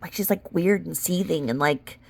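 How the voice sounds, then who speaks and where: A young woman reading a legal filing aloud, then breaking off into incredulous, animated reactions. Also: lowish voice, normal speed, gravelly. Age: young adult. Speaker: commentary vlogger.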